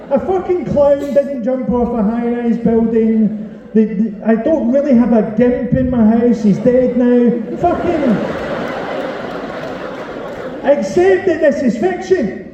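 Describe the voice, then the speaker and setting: A man's voice: extremely high pitch, lively intonation, takes it slowly, mellow, heavy reverb. Male comic, crowd work, caustic and sweary; dull distant live sound with noise. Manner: sweary, sardonic, teasing the crowd. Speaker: stand-up comedian. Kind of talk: stand-up set with crowd work. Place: live comedy venue on stage. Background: audience laughter and chatter.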